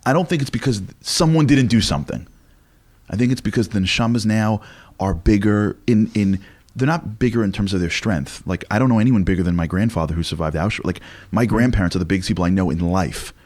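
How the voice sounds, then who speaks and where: A man in his forties, a lecturer speaking as a guest in an interview, telling stories in an animated way with frequent restarts. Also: on the low side. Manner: animated, fast, with many restarts. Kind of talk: conversational storytelling interview.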